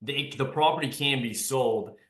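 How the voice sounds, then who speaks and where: An easygoing man chats casually, affirming others and thinking his ideas through aloud. He speaks at a medium pitch, and his voice echoes in the room. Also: moderate pace, fairly bright tone. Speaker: guest, real estate investor. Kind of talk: casual chat.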